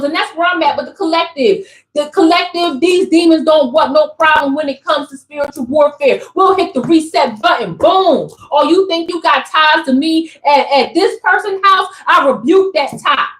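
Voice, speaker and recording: Speaking to her viewers at a moderate pace, a young female spiritual content creator offers a casual but emphatic pep talk in a high voice. She repeats her points preacher-style, and the recording has an echoey room sound.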